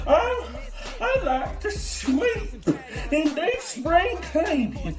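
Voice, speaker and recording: A man putting on a mocking impression of a boastful Southern hillbilly, with an exaggerated high squeaky drawl and a Southern US accent. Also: sing-song, extremely slow, reverberant, soft background music, exaggerated voice.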